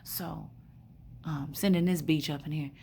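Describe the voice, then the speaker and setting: This woman's voice is deep and steady, measured in pace and somewhat dark, with slight background noise. A spiritual vlogger, she sits in a hospital room delivering a casual, rambling story monologue that's profane, blunt, and full of fillers.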